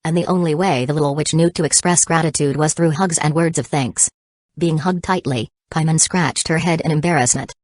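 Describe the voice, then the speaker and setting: A woman narrating an audiobook in an even, steady storytelling manner. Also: sits low, brisk, no room sound.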